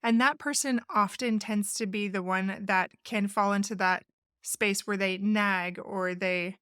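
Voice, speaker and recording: A woman's voice: medium pitch, fairly even intonation, a little slow, fairly bright tone, clean tone, no room sound, clean studio sound. Earnest woman giving parenting advice. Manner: earnest, instructive, acts out sample phrases. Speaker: family therapist, podcast host. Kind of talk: solo podcast advice talk.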